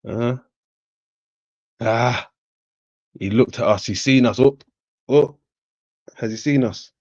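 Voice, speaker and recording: A man giving casual reaction commentary in profane, laughing, slow, drawling remarks. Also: mid-range voice, darkish tone, dry recording, dull audio.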